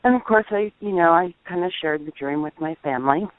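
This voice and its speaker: A woman's voice: fairly low pitch, no room sound. Earnest woman caller on a tinny phone line. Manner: earnest, halting storytelling. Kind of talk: personal testimony.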